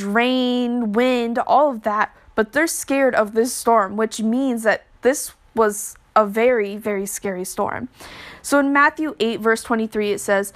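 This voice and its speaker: A young woman giving a casual devotional talk on a podcast, earnest, with many fillers and restarts. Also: fairly high pitch. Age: young adult.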